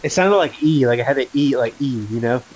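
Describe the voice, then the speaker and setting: A man's voice: mid-range voice, a little fast, darkish tone, a little hiss or hum, poor audio. A young man chatting casually with a friend while gaming, rambling with many fillers, laughing and swearing. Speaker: gamer. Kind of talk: casual chat over voice chat.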